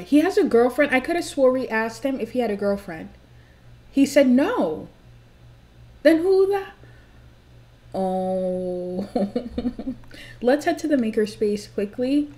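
A young woman casually commenting on a life-sim game, gushing and excitable, with big high swoops when she gets thrilled. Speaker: gameplay commentator.

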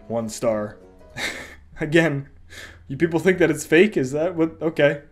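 A man's voice: a little high, measured pace, long pauses, soft background music. Sarcastic young man reading reviews. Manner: sarcastic, mock voices for reviews. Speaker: comedy reviewer.

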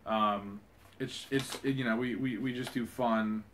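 Young guy unboxing stuff, swears a ton when excited, rambly, mid voice, bit of hiss. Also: medium pitch, measured pace. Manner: excitable, swears a lot, rambling with many fillers. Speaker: vlogger unboxing a fan package. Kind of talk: casual unboxing commentary.

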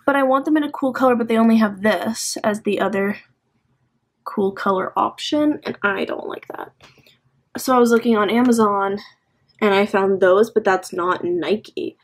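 A young woman talks to camera from her bedroom for a home vlog, chatty and peppering her speech with "like" and "um". She has a mid-range voice and speaks at normal speed.

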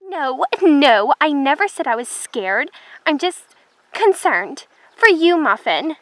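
A woman's voice: sits high, sing-song, takes it slowly, fairly bright tone, no room sound, heavily acted, rough recording. A woman voicing a vain, haughty gray mare who calls herself a queen, in a toy horse drama. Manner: snooty, dramatic, complaining.

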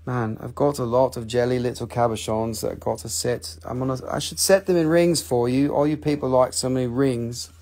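A man hosting a live sales stream, chatty, profane and excitable, his voice getting scratchy after hours of talking. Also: mid-range voice, fairly quick, hardly any pauses. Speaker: host selling rocks and gems on a live stream.

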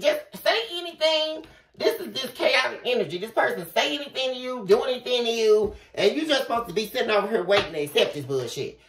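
A woman giving a tarot reading, talking bluntly with a lot of swearing and ranting. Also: on the high side. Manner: blunt, profane, animated ranting. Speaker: tarot reader. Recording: roomy, from a distance.

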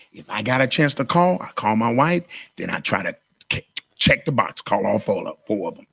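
A man's voice: on the low side, big pitch swings, moderate pace, gravelly, sharp tone, breathy edge, no room sound, studio quality. A middle-aged man preaching a sermon as a pastor, emotional and impassioned.

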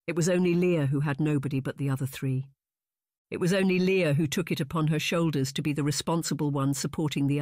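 A man reads audiobook narration at an even, measured pace. His voice sits a little high for a man. The sound is dry and close, with no room around it. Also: no echo. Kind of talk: scripted narration.

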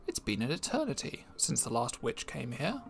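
A man's voice: mid-range voice, wildly swooping pitch, moderate pace, vocal fry, background noise. A man voicing an ancient, lonely male mountain spirit who speaks in a lofty, formal, scornful way.

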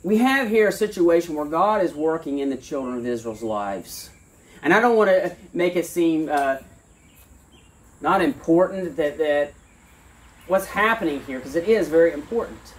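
A pastor giving a sermon outdoors, reading scripture aloud and then talking in a plain, earnest way with fillers and restarts. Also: male voice, a little high, expressive, normal speed, recorded from a distance. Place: outdoor church service.

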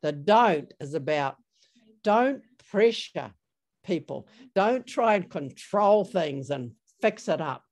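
A woman leads a workshop in a chatty, storytelling way, sprinkling in fillers as she goes. Her voice sits on the low side. Her intonation rises and falls a lot. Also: lively intonation, takes it slowly, darkish tone. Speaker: workshop presenter. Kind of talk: online training talk. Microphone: video call.

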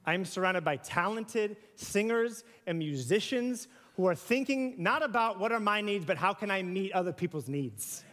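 A man preaches in a church, chatty and animated, tossing in playful asides. His voice sits high for a man. The sound rings with the long reverb of a large hall. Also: moderate pace, hardly any pauses. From US South. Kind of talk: sermon. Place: church sanctuary.

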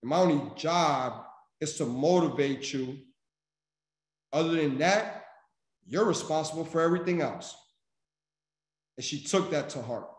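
A man's voice: on the high side, animated, unhurried, pauses often. A man giving a motivational speech to his sales team, emphatic and preachy. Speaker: senior vice president and sales mentor. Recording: echoey room.

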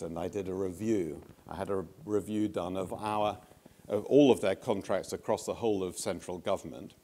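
Speaking at a conference, a former government minister, now an older man, tells anecdotes at a measured pace and hesitates often. His voice runs on the low side and sounds mellow.

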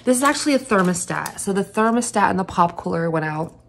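A woman's voice: mid-range voice, animated, fast talker, creaky, slight background noise. A woman talking casually to camera in a day-in-my-life vlog, chatty and blunt, swearing freely. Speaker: vlogger.

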